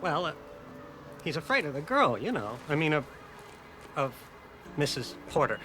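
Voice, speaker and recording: Halting, unsure man explaining; slightly high pitch. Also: very animated, bright, forceful tone, faint music behind, poor audio. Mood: hesitant. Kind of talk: film drama dialogue.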